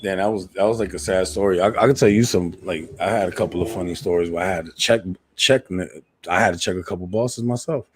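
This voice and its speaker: Low-voiced man, laid-back storytelling. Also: fast, noisy background. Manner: laid-back, profane, laughs at own story. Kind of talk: casual storytelling chat.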